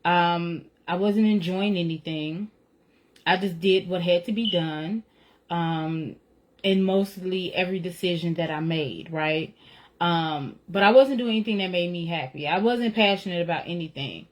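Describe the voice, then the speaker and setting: A woman's voice: fairly low pitch, measured pace. A woman telling a personal faith story in a casual, earnest way, often checking in with "right?" and "you know". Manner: reflective, retelling feelings with rising emotion. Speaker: author sharing a personal testimony.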